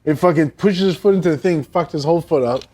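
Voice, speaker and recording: A man with a fairly high voice tells stories in a casual interview. He talks in a profane, animated way and laughs off his own mishaps. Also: fast. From Buffalo, New York. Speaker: guest. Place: his store.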